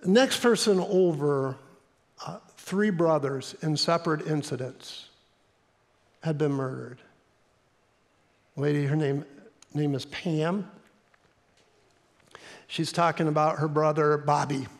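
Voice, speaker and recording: A pastor with a slightly high voice delivers his sermon slowly, pausing often as he earnestly tells stories and drives home key lines through repetition. Long church reverb fills the sanctuary recording.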